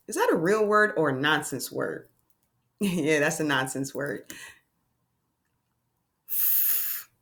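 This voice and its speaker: A woman's voice: deep voice, slow pace, long pauses, fairly bright tone. A woman teaching a phonics lesson to young children, sounding out letters and making playful exclamations.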